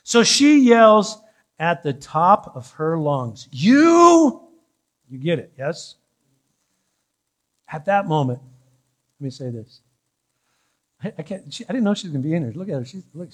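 Male pastor, higher register; playful, self-mocking sermon storyteller speaking in church. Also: normal speed, long pauses. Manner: animated, joking personal storytelling with laughter.

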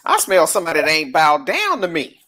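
A man's voice: a little high, wildly swooping pitch, brisk, pushed and bright, a little hiss or hum, full character voice. A man putting on a gloating giant monster lizard. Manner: sniffing, gloating. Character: boastful giant male lizard monster demanding worship. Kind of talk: casual podcast chat.

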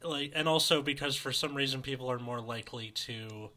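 A man's voice: mid-range voice, fairly quick, bright, forceful tone. A man co-hosting a comedy podcast, chatting easily and dropping dry quips. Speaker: podcast co-host. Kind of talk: casual comedy chat.

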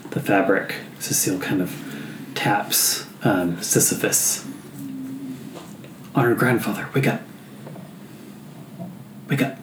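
A man playing a tabletop role-play game, describing his character's actions with many pauses and fillers. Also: lowish voice. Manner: hesitant, many ums and "kind of". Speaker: player. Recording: echoey room with background noise.

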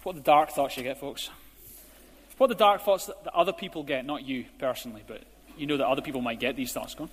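A man preaching a sermon as a pastor, speaking emphatically and building to forceful urging. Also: medium pitch, fast talker, husky. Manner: emphatic, rising to forceful exhortation. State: out of breath. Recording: hall reverb.

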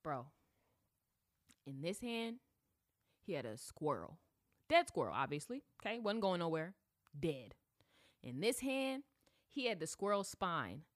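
A woman's voice: on the low side, measured pace, pauses often. A woman hosting a podcast, telling a story in a casual, slangy way and acting out voices as she goes. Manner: animated, slangy, acts out voices. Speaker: podcast host.

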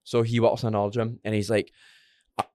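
A young Scottish man co-hosting a podcast in casual chat, sweary and animated, working himself up as he talks. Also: on the low side, moderate pace, clean tone, dry recording, studio quality. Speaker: podcast co-host.

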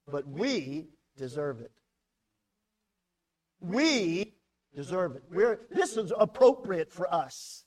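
A male pastor delivering a sermon in an emphatic, animated way. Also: fairly high pitch, takes it slowly, long pauses, rough recording.

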